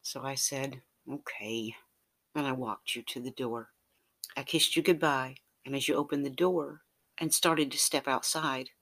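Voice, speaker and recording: A narrator telling a romantic second-person audio story in a soft, intimate way, often sliding into a breathy whisper. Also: medium pitch.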